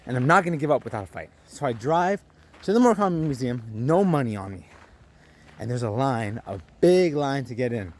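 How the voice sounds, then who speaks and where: Young man telling a lively story. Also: mid-range voice, a little fast. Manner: animated storytelling, acting out his own lines. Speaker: vlogger. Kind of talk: storytelling vlog.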